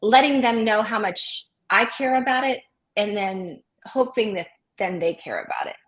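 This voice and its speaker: A middle-aged woman who sings opera and teaches music chats casually as an interview guest, telling stories with animation and acting out children's voices. Her pitch is medium and her pace moderate, and the recording is rough.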